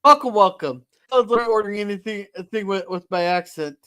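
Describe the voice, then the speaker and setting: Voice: medium pitch, animated, brisk, a bit bright, clean tone, no room sound. A co-host of a casual live-stream chat who jokes crudely, swears freely and reads viewer comments aloud.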